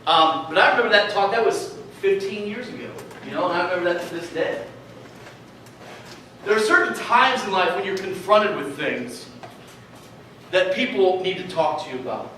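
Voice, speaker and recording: A man's voice: high voice, normal speed, recorded from a distance, slight background noise. Man preaching in an echoey hall. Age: 30s. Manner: storytelling, conversational, animated asides. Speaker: youth speaker. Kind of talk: sermon. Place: large hall at a retreat.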